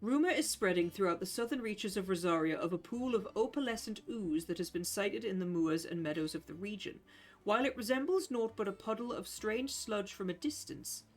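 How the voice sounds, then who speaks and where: A streamer, chatting casually and swearing while playing a game live and reading its text aloud. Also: medium pitch. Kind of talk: casual live gameplay chat.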